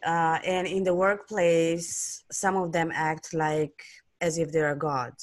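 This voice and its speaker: A woman's voice: sits low, flat delivery, slow pace. A woman host in a casual interview chat, speaking thoughtfully and a bit hesitantly.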